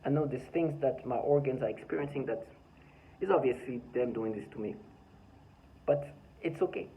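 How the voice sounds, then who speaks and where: A man's voice: medium pitch, moderate pace, dark tone, slight background noise, rough recording. A man talking by his front door in an agitated, rambling vlog monologue, full of stammered restarts and bitter laughs. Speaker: vlogger.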